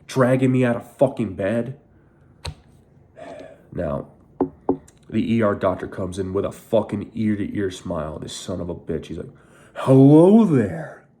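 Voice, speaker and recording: Bitter, swearing young man, low voice. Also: unhurried, pauses often, dark tone. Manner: angry, heavily profane, bitter. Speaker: veteran. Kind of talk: emotional first-person storytelling.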